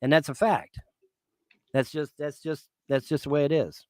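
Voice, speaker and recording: A man's voice: fairly high pitch, fairly even intonation, normal speed, darkish tone, dry recording. A man in his fifties on a livestream, swearing and making threats in a repetitive rant. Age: 50s.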